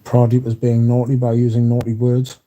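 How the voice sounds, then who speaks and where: A man's voice: mid-range voice, completely flat delivery, moderate pace, warm tone. A man hosting a casual livestream, chatting and reading out viewer comments, swearing freely. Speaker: livestream host reading chat. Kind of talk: casual chat.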